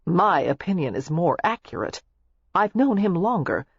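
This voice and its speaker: A reader doing an impatient, fretful young wife. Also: female voice, lowish voice, very animated, moderate pace, gravelly, breathy edge, no echo, lo-fi sound, heavily acted. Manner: impatient, exclaiming. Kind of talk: audiobook character voice.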